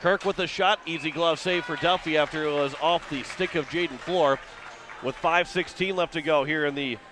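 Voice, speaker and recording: A man's voice: a little high, a crowd in the background. A man from Missouri calling hockey play-by-play for radio, rattling off the action and rising as plays build. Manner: rapid running description, rising with the action. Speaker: play-by-play announcer.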